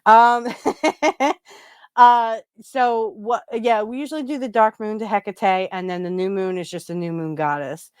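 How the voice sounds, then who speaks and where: Smooth-voiced woman hosting a chatty podcast. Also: mid-range voice, unhurried, darkish tone, no echo, clean studio sound. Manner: rambling, full of fillers and restarts. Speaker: podcast host. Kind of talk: casual spiritual chat.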